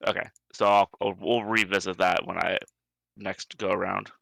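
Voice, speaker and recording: A man's voice: low voice, flat delivery, normal speed, creaky, a bit bright, no echo. A man playing a tabletop game, talking hesitantly with many restarts. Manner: hesitant, full of restarts and fillers. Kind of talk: casual game chat.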